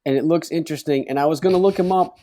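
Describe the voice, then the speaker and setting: A man's voice: a little high, very fast, warm tone. A man co-hosting a podcast in casual chat, joking and building up punchlines. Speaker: podcast co-host.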